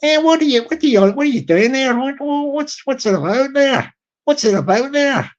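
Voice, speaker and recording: A man's voice: extremely high pitch, lively intonation, moderate pace. A man voicing a suspicious male householder at his front door, who repeats his questions over and over. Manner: repetitive, questioning. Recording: slightly muffled audio.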